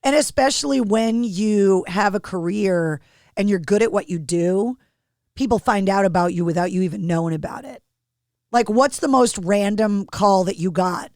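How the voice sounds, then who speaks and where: A woman hosting a podcast, chatting casually and telling stories in a lively way. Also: mid-range voice, normal speed, no echo, studio quality. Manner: chatty, animated storytelling. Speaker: podcast host. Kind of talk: casual interview chat.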